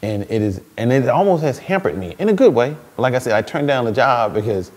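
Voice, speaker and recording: A man in his thirties, a stay-at-home dad as an interview guest, telling stories in a lively way with frequent laughs and repeated words. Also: mid-range voice, brisk. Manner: animated storytelling, laughs often, repeats words. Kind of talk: casual interview talk.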